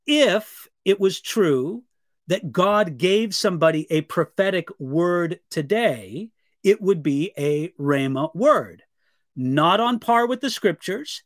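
Male pastor, high voice, dry close sound, earnest live Q&A teaching. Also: no room sound. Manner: earnest, measured, reads viewer questions aloud.

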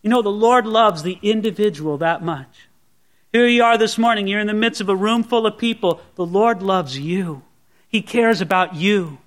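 A man's voice: high voice, moderate pace. A pastor preaching a sermon to his congregation in an earnest, conversational way, often asking rhetorical questions.

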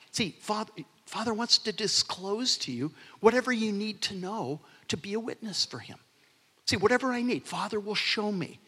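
Older male pastor, fairly high husky voice, earnest sermon delivery with long hall reverb. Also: pushed and bright. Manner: earnest, swelling emphasis and dropping to near-whispers.

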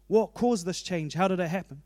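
A little fast and a little mellow, a man with a fairly high register preaches earnestly and conversationally. He keeps the delivery plain and personal, mentioning things from his own life, and the audio is dry and close without echo.

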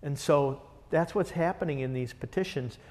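A man's voice: fairly high pitch, normal speed, a little mellow. A man teaching a Bible study, enthusiastic and conversational, putting questions to the group. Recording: long reverb in a large room.

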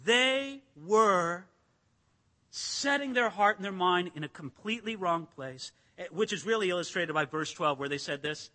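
A pastor preaching a sermon in an emphatic, dramatic way, acting out quotes and rising to shouts. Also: male voice, high-pitched, expressive, normal speed. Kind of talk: expository sermon. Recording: long hall reverb.

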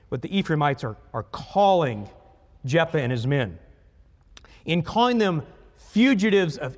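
A man preaching a sermon as pastor, lively, explaining scripture and acting out voices in dialogue. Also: a little high. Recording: reverberant hall.

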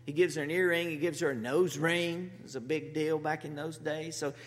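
A man's voice: a little high, steady tone, fairly quick. A man, a pastor, preaching a sermon with humorous, conversational storytelling. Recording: long hall reverb.

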